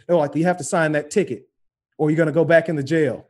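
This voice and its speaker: Animated, profane male storyteller. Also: on the high side, fast. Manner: animated, profane, acts out voices in his stories. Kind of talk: casual chat, storytelling.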